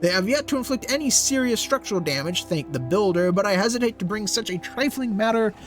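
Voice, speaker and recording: A man's voice: animated, a little fast, faint music behind. A man doing a pompous guild official. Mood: condescending. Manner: pompous, lofty, swinging pitch.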